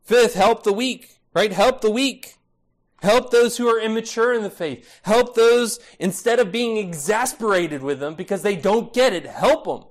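A male pastor preaching an expository sermon, emphatic and repetitive, often adding "right?". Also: a little high.

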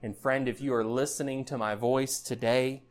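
A man preaching a sermon in an earnest style, building up loud passages and then dropping low and quiet. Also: steady tone, moderate pace. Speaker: pastor.

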